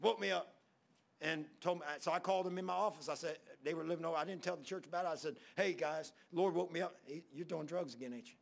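Male preacher, high gravelly voice, folksy storyteller who acts out dialogue. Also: quick pace. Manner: folksy, rambling Southern preacher talk with quoted dialogue. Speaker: pastor. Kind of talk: storytelling sermon.

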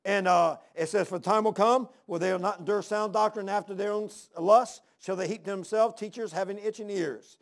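A man's voice: high voice, steady tone, brisk, hardly any pauses. A man preaching a folksy, storytelling sermon, repeating his phrases. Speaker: pastor.

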